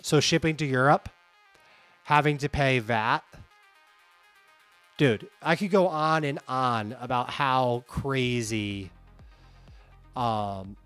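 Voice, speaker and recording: A livestream host chats casually and candidly, animated as he reads viewer comments aloud. He has a clear, resonant, mid-range voice.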